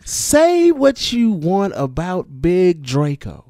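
A man in casual, profane conversation about hip-hop songs, animated and given to building up his points. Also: sits high, takes it slowly, no room sound, clean studio sound. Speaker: podcast co-host.

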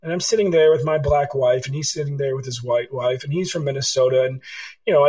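Man, middle-aged, from California, higher voice, lively storyteller, author guest. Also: poor audio. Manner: animated storyteller, acts out dialogue. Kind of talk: storytelling interview answers.

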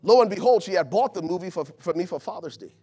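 A man preaching a sermon to his congregation, swinging from loud urgent peaks to low soft passages and calling out to the room. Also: animated, fast talker, breathy edge. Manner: calls out to the congregation. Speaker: pastor. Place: church before a live congregation.

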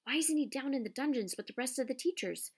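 A woman's voice: high-pitched, animated, fast talker, breathy edge, voice pushed up, heavily acted. A woman voicing an earnest teenage boy, close to her own voice, in an audiobook reading. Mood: urgent. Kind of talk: audiobook character voice.

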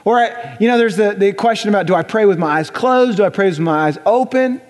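A young adult man preaching a sermon in a church, conversational and animated, often acting out voices. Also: high voice, a little fast. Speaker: pastor. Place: church sanctuary. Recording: church hall reverb.

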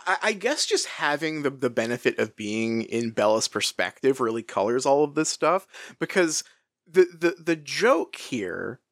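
Animated man co-hosting a book podcast. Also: medium pitch, no room sound, clean studio sound. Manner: animated, laughing, halting restarts. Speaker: podcast co-host. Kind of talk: casual book discussion with read-aloud passages.

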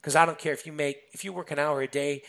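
A man's voice: fairly high pitch, fast, creaky. A man guest on a podcast, a sales manager chatting casually and telling stories with lots of fillers. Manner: animated storytelling, many fillers.

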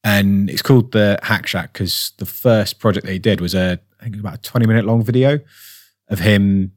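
Tired, rambling bloke, low voice. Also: male voice, brisk, no room sound, clean studio sound. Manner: rambling, lots of fillers and restarts. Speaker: podcast co-host. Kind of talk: casual chat.

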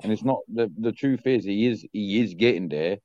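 A man in casual football chat, animated and slangy, repeating words when he gets going, calling in on his phone. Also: fairly low pitch, moderate pace, no echo, lo-fi sound. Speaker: football panel guest. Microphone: phone on a call.

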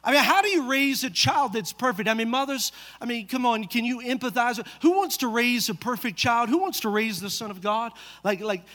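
Man, pastor, sermon, animated storytelling, very high voice, long hall reverb. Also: brisk, hardly any pauses. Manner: animated storytelling with rhetorical questions to the congregation.

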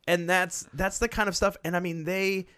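A man co-hosting a podcast, chatting casually and excitedly about movies, swearing now and then. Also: high-pitched, normal speed, clean tone, no echo. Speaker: podcast co-host. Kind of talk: casual chat.

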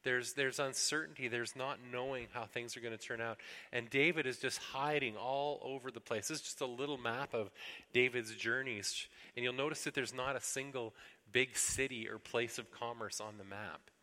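A man's voice: mid-range voice, steady tone, moderate pace, bright, forceful tone, in a large hall. A man preaching a sermon earnestly, now and then acting out pleas to God in a raised voice. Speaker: pastor.

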